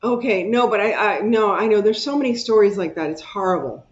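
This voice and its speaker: A woman's voice: medium pitch, fairly quick, a little mellow. A woman hosting a casual craft livestream, chatting and repeating herself as she reads viewer comments aloud. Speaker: craft channel host. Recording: muffled lo-fi stream audio.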